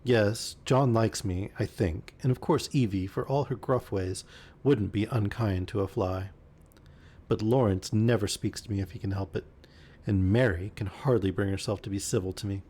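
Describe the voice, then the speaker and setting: A man's voice: lowish voice, warm tone, slightly rough. A man reading aloud and voicing a lonely, wistful young woman who turns teasing.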